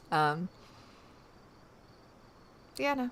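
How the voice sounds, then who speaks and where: A woman's voice: sits low, a little slow, fairly bright tone, a little hiss or hum. A woman from the American South with no regional accent, hosting a casual livestream and chatting with viewers, trailing off with fillers and restarts. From Southern United States. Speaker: livestream host.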